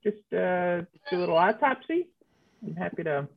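A man's voice: high voice, lively intonation, normal speed, gravelly, pitched above the performer's own voice. A man voicing an eager male doctor who offers to cut up a corpse, talking offhand with fillers. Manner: casual, offhand, hesitant with fillers. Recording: tinny phone-like line.

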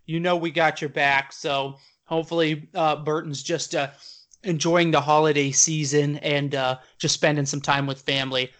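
High-voiced chatty male podcast host. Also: normal speed. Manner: chatty, joking, animated. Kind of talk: casual chat.

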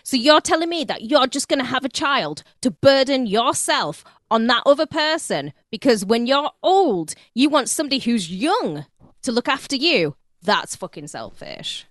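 A woman's voice: high voice, sing-song, moderate pace, fairly bright tone, no room sound, clean studio sound. A woman co-hosting a podcast, chatting crudely and outspokenly with frequent giggles. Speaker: podcast co-host. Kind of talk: crude casual chat.

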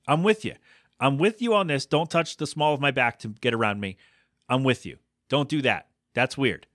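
A man hosting his own podcast, talking casually with plenty of fillers and self-corrections. He rants in exasperation, and his mid-pitched voice climbs when he gets worked up. The sound is dry and close, with no room echo. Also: fairly bright tone. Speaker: podcast host. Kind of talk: casual solo podcast commentary.

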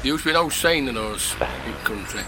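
Blunt farmer outdoors. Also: male voice, mid-range voice, animated, fast talker. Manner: blunt, earthy joke-teller who laughs at his own punchlines. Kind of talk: telling rural jokes outdoors. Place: outdoors on a farm in mud and mist. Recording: field recording with background noise.

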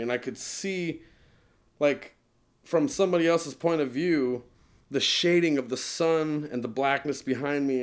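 A man guest on a podcast, telling a long story in a casual, animated way, laughing often and filling with "like". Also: medium pitch. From Utah.

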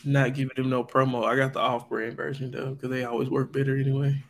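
A man's voice: medium pitch, flat delivery, fast talker, a little hiss or hum. A man co-hosting a podcast in casual chat while sick and congested, playful and drawling. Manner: playful, sings silly bits, drawling. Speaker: podcast co-host.

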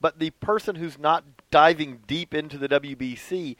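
A man's voice: a little high, moderate pace, fairly bright tone, no echo, poor audio. A man co-hosting a casual baseball chat, explaining things in a conversational way. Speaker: baseball podcast co-host.

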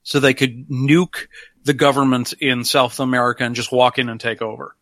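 A man's voice: mid-range voice, flat delivery, moderate pace, a bit bright, no room sound. A man on a podcast, explaining plot points with a wry edge. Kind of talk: casual chat.

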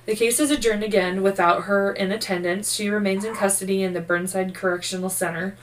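A woman's voice: mid-range voice, fairly even intonation, fairly quick, distant mic, poor audio. Sleepy, foul-mouthed woman podcaster. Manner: profane, loose and joking while reading case notes. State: sleepy, yawning. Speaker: podcast co-host. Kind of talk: casual true-crime podcast narration.

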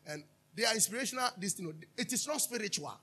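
A Ghanaian man preaching a sermon as pastor, animated, drifting into sung lines and asking his listeners to answer back. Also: high voice, fast talker, slightly rough. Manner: calls for audience responses, asks and answers himself.

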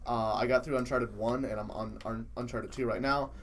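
Rambling young man, mid-pitched voice. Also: steady tone, fairly quick, slight background noise. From northern Michigan. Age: young adult. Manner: rambling, hesitant, many restarts. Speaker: guest. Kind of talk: casual chat.

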